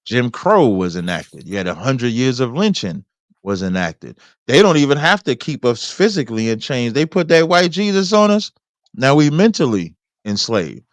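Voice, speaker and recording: A man's voice: mid-range voice, sing-song, dry recording. Man reading scripture in a dry, close sound. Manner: preacherly, slowing for verses. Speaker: host. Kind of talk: debate, reading scripture aloud.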